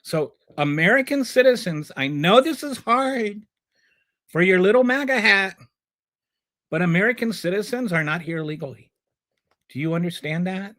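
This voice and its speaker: Male political stream host with a slightly high voice who mocks his chat, argues hard and rambles between points. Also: expressive, unhurried, a bit bright. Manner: sarcastic and combative, mocks commenters. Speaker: livestream show host. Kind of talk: political commentary, answering live chat.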